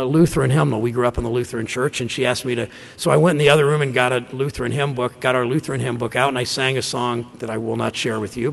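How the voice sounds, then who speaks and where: Gravelly-voiced man giving a speech. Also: mid-range voice. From Ohio. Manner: folksy storytelling, halting restarts. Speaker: senator. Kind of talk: speech to a conference audience. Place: large conference room. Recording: long hall reverb.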